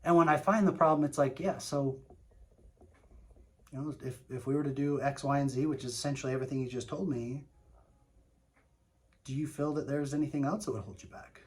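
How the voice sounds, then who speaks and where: A man's voice: mid-range voice, steady tone, a little fast, long pauses, darkish tone. A man coaching on sales calls, speaking emphatically and often checking in with "right?". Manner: emphatic, keeps asking "right?". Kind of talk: coaching talk with role-play demos.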